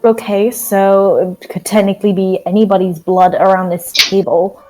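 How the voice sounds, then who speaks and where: Woman, tabletop game player, blunt questions, mid-pitched voice. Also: level tone, moderate pace, soft background music, low-quality recording.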